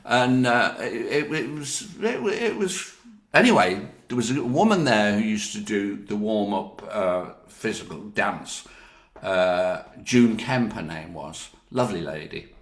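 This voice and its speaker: A man's voice: lowish voice, unhurried. Older northern english man telling stories. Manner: lively, laughs often, quotes others in their voices. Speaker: actor interviewee. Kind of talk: anecdotal storytelling. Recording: roomy echo.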